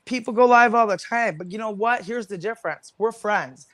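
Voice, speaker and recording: A woman's voice: fairly high pitch, normal speed, fairly bright tone, no room sound. A woman on a livestream panel, delivering an angry, confrontational rant full of swearing.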